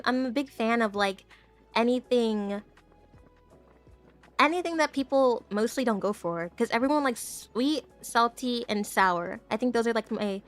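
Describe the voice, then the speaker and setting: A woman's voice: mid-range voice, a bit bright. Giggly young woman streamer, rambling. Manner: giggly, rambling, stumbles over words. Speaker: VTuber streamer. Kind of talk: casual live-stream chat.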